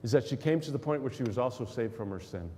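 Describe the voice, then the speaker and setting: Animated male pastor in echoing hall. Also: medium pitch, fast talker. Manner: questioning, animated preaching with acted quotes. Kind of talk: sermon. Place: church sanctuary. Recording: long hall reverb.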